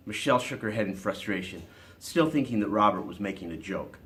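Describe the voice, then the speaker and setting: Low-voiced man reading his novel. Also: animated, fairly quick, fairly bright tone. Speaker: author.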